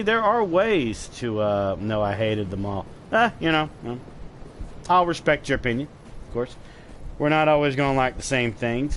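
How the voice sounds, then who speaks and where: Guy streaming a game, rambly and chatty, cussing a lot, average pitch, a bit of hiss behind. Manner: rambling, chatty, swears freely, talks straight to viewers. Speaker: gaming streamer. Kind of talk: casual live gameplay commentary.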